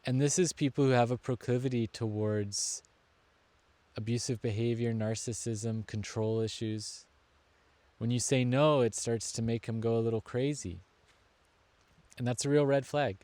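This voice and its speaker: A man speaks in a mellow, warm voice of middling pitch, giving an earnest motivational talk. He is deliberate, slowing to lean on key words. The sound is dry and close. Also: steady tone, no room sound. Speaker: self-help speaker. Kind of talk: reflective motivational talk to camera.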